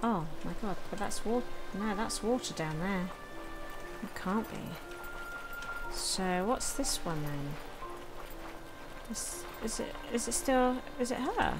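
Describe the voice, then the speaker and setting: A woman's voice: medium pitch, animated, slow, long pauses, over music. A woman hosting a let's play, chatting casually and thinking aloud as she plays, with frequent exclamations. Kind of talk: casual game commentary.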